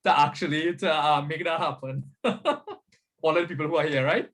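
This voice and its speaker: Man, fairly high voice, spiritual coach, casual video-call workshop. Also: expressive, normal speed, a bit bright. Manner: chatty, upbeat, repeats "you understand?" and "right?". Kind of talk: casual online workshop talk.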